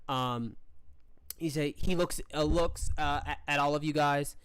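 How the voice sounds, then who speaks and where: A woman's voice: low-pitched, steady tone, a little slow, smooth, dry recording. A woman narrating a tabletop game as game master, rambling with many fillers.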